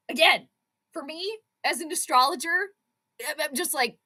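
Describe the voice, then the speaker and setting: A young adult woman hosting a live sports stream, reacting to the game in an excitable, exclamatory, chatty way. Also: very high-pitched, unhurried. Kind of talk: live play-by-play reaction commentary.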